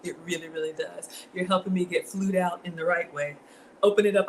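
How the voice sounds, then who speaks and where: A woman with a Southern US accent and a slightly low voice, cooking live in her home kitchen. She chats casually, greets viewers by name and reads their comments aloud. A faint hum sits in the background. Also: steady tone, fairly quick, a little mellow, poor audio. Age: middle-aged. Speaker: home cook streaming live. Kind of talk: casual livestream cooking chat.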